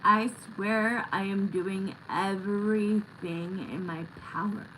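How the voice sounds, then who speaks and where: A woman's voice: medium pitch, fairly even intonation, slow pace, a bit bright, slight background noise, rough recording. A middle-aged woman hosting a live tarot stream, chatting casually and bluntly with viewers and swearing now and then.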